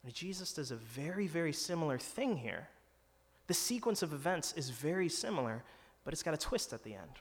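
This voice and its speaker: A pastor with a slightly high, sing-song, brisk voice delivers an earnest, conversational sermon, acting out quoted lines with some drama. Long hall reverb surrounds the recording.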